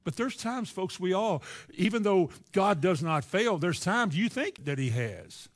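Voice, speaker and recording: Folksy Kentucky preacher, fairly high voice. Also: male voice, sing-song, measured pace. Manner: folksy and earnest, acts out quoted voices. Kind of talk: sermon.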